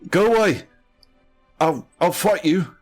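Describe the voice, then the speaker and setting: A man doing a jumpy, easily terrified young scribe in a tabletop game, his voice pushed well above its usual register. He stammers and pleads in a high-strung rush. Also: animated, takes it slowly, slightly rough, faint music behind, full character voice. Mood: wary, nervous.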